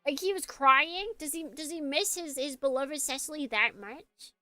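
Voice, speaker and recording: A woman's voice: sits high, normal speed, pushed and bright, no room sound. A woman streamer making chatty, rambling asides while reading a visual novel. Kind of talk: casual let's play commentary.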